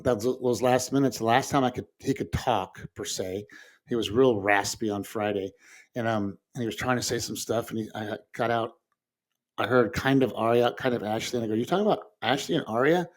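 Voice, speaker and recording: A grieving man, co-host of a talk show, telling a personal story in casual conversation, halting and restarting, with soft laughs. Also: medium pitch. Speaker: podcast co-host.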